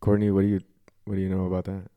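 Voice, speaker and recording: A podcast co-host with a low voice talks very fast in a completely flat delivery, rambling through analogies, saying "like" constantly and swearing casually. The audio has phone-quality sound.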